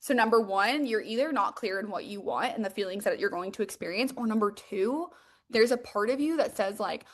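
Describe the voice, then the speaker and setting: A young woman coaching on a live stream, bubbly and excitable, peppering her talk with "like.". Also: medium pitch, fairly quick. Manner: bubbly and excitable, heavy use of "like". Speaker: manifestation and mindset coach.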